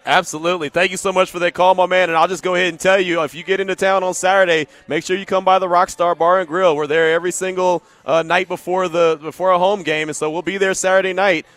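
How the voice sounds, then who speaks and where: A man's voice: high voice, level tone, quick pace, few pauses, fairly bright tone, dry recording, soft background music. A man hosting a sports talk radio show, chatting casually and upbeat with callers and guests from the studio. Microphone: studio microphone.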